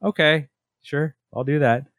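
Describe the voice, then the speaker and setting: A man in his thirties co-hosting a casual chat show, telling stories with lively acted-out quotes. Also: a little high, a little slow, dry recording, studio quality. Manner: animated storytelling, acting out his family's lines. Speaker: podcast co-host.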